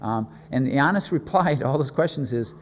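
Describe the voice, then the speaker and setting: A man's voice: mid-range voice, animated, a little fast, long reverb tail, slight background noise. A man preaching a sermon in an earnest way, often repeating words as he thinks and leaning on key words.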